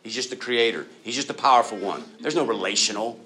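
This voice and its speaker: A male preacher delivering a sermon in an easy, conversational tone, speaking right to his congregation. He often breaks into acted-out quotes, leaping high in pitch for them. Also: fast talker, a little hiss or hum. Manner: animated, acts out quoted voices with big pitch jumps; conversational, addresses listeners as guys and y'all.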